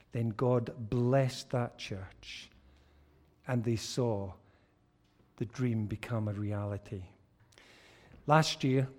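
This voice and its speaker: Slow-speaking pastor, man. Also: medium pitch. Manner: storytelling, emphatic, drops to quiet at phrase ends. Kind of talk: sermon.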